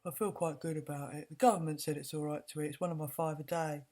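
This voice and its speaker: A woman's voice: low-pitched, steady tone, fast, dark tone, voice pushed down. A woman mocking a dazed, complacent woman who is happy with her lot, in a dozy, sarcastic tone. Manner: mock-contented, dozy sarcasm.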